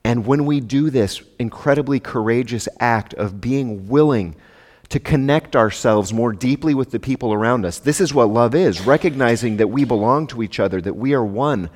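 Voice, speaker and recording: A man giving a sermon as pastor, speaking conversationally with rhetorical asides to his congregation. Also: medium pitch. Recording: long reverb of a large hall.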